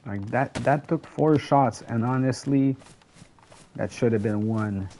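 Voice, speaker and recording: A French Canadian man, a French speaker at heart, talks his way through a game at an easy, unhurried pace. His voice is warm and mellow. He rambles from thought to thought and swears casually as he goes. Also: mid-range voice, slight background noise. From Quebec, Canada. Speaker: gaming channel host. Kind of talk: solo gameplay commentary.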